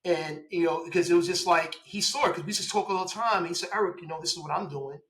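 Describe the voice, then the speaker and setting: Lively and quick, a forties-aged police officer laughs as he tells his story in a casual interview, acting out quoted lines. His voice is high, and the recording is rough.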